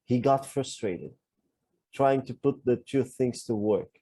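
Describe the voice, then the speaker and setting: An earnest man talks candidly on a podcast, reflecting on his own experience. His voice is dark and mellow. The sound is dry and close to the mic, with no room around it. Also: medium pitch, takes it slowly, dry recording. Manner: earnest, self-reflective storytelling. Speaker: podcast co-host. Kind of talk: candid conversational podcast talk.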